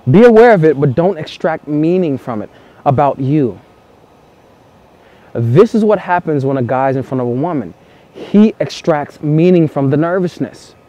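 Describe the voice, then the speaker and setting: A man speaking a little high for his sex but with a mellow, dark tone. He coaches earnestly in a vlog monologue, repeating his key points and swearing casually. He is recording outdoors in the cold. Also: animated, normal speed, dull audio. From United States. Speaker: dating coach.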